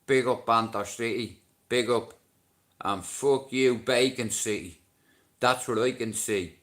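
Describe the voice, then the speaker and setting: A middle-aged man with a Dublin Irish accent, chatting on his livestream, swearing freely and bantering with viewers. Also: low-pitched. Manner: profane, banters with chat and shouts at commenters. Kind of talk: casual livestream chat.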